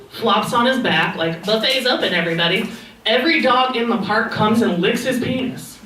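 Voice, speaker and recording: Young woman stand-up with a deadpan, wry delivery, taped from a distance in an echoey club with noise behind. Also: a little high. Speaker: stand-up comedian. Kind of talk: stand-up set. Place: comedy club stage. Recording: echoey club sound from far off, noisy.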